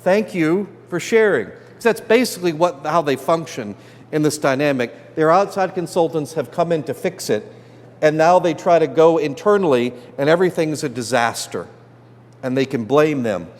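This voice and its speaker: A man teaching a Bible class as priest, animated and acting out the characters' complaints. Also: fairly high pitch, normal speed. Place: church hall. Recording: long hall reverb.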